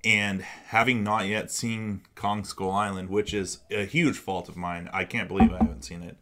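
A man's voice: fairly low pitch, moderate pace, pushed and bright. A young man co-hosting a casual movie chat, rambling and swearing often. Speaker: podcast co-host.

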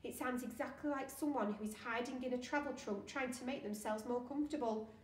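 A woman's voice: fairly high pitch, brisk, a little hiss or hum. Woman teacher reading a story aloud. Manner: expressive storytelling. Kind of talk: reading a children's novel aloud. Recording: echoey room.

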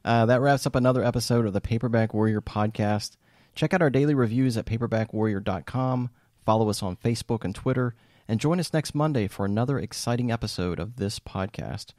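A man's voice: mid-range voice, fairly quick, a little mellow, dry recording, clean studio sound. A man co-hosting a podcast, joking with his partner in a laid-back way and wrapping up the show. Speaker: podcast co-host. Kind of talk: casual chat and show outro.

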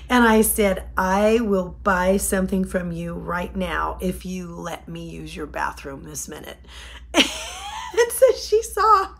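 A woman's voice: mid-range voice, a bit bright. A woman in her fifties telling a funny personal story in a casual vlog, laughing often and acting out what people said. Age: 50s. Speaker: vlogger.

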